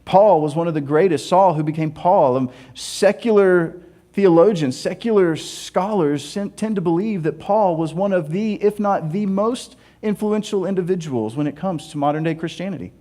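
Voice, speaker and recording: A high-pitched man delivers a sermon in a church. He is animated and jokey, and he drives his points home by repeating phrases. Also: moderate pace. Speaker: pastor. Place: church sanctuary.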